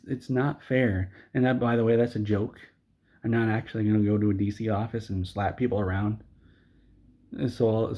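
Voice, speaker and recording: A man's voice: fairly low pitch, mellow. A man delivering an exasperated comedic movie rant, stumbling over and repeating his words. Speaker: video creator.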